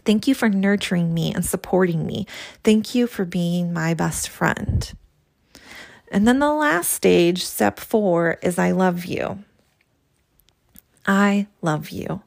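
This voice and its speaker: A woman's voice: on the low side, slow, creaky, a little mellow. A woman hosting a spiritual podcast, speaking in an earnest, reflective way as she reads a healing prayer from her journal. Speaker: podcast host.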